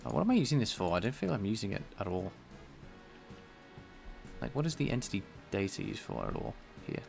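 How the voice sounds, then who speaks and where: A man's voice: fairly low pitch, sing-song, fairly quick, creaky, music in the background. A man live-streaming his programming work, thinking aloud in a casual, rambling way and chatting with viewers. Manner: rambling and self-deprecating, chatting with viewers between tasks.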